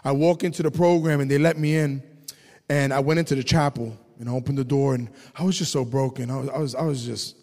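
Animated preacher man, echoey hall. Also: medium pitch, quick pace. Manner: animated storytelling, shouting at peaks. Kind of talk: testimony sermon.

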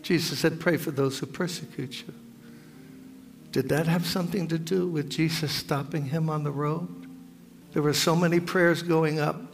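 A man's voice: fairly high pitch, steady tone, normal speed, gravelly. A male pastor leading a fervent, pleading prayer to his congregation in a large church. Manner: fervent, pleading, rises to loud urgent calls. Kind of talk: sermon prayer. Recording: reverberant hall with music.

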